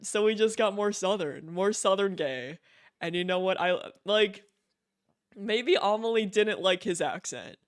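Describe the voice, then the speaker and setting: Giggly high-voiced male streamer. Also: a little slow, clear, resonant tone, no room sound, clean studio sound. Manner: gushing, giggly, repeats words. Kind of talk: casual live-stream chat.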